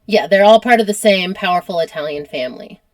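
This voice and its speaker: An American woman hosts a casual history podcast, telling the story in a chatty, easygoing way. She laughs often as she talks. Her voice has an average pitch and sounds dry and close to the mic. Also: lively intonation, fairly quick, no room sound. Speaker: podcast host.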